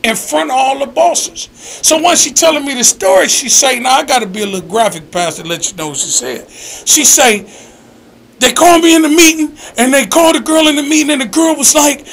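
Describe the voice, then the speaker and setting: A man hosting a call-in radio show, talking in a high, gravelly voice. He tells his stories with lots of emphasis and sometimes shouts. His tone is bright and forceful. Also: fairly quick, a little hiss or hum. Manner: animated, emphatic storytelling, bursts of shouting. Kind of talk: casual call-in chat.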